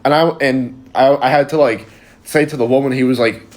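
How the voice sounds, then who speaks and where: A man's voice: mid-range voice, fairly even intonation, brisk. Young man rambling through a story. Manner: rambling, heavy use of "like" fillers. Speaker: storyteller on social video. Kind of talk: casual anecdote.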